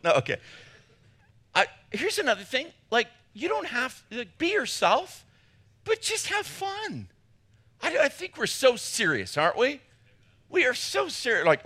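A middle-aged man preaching a humorous sermon, animated and jokey, acting out little voices. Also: very high voice, measured pace, long pauses. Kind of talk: humorous sermon to a men's gathering.

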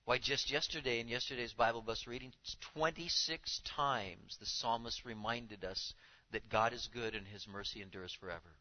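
A man preaching a sermon to his congregation, speaking with animated emphasis and now and then acting out the voices he quotes. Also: medium pitch, normal speed, highs cut off. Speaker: pastor.

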